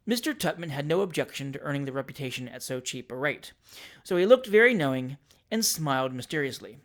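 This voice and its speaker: A podcast narrator reading a classic novel aloud in a measured, wry storytelling manner. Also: medium pitch, lively intonation. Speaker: audiobook narrator.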